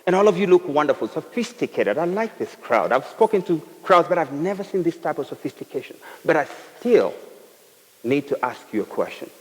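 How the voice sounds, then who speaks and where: A man's voice: fairly high pitch, very animated, fairly quick. A man with a Kenyan accent giving a humorous talk to a live audience, telling comic stories and teasing the crowd. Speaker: speaker. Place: event hall with a live audience. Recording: reverberant hall, faint noise.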